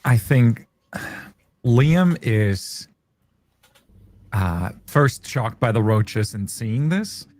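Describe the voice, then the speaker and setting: A man's voice: medium pitch, lively intonation, extremely slow, long pauses, a little mellow. A man playing a tabletop horror game, describing his character's fear while hunting for the right words. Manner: searching for words, full of "like" and "I think". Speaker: player.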